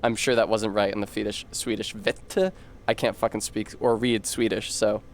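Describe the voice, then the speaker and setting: A man's voice: on the low side, flat delivery, normal speed, slight background noise. A man streaming a game, rambling to chat and reading word origins aloud with casual swearing.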